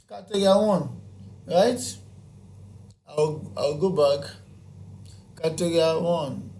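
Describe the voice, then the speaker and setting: A man's voice: fairly high pitch, darkish tone, a little hiss or hum. A man teaching a spreadsheet tutorial. He counts items aloud one by one, repeats his key points and answers his own questions. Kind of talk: screen-recorded software tutorial.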